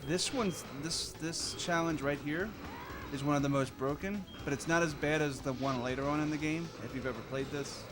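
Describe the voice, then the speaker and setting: A man's voice: a little high, moderate pace, music in the background. A man playing a game on a stream, rambling and laughing through his stories. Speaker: player on stream. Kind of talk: casual stream chat.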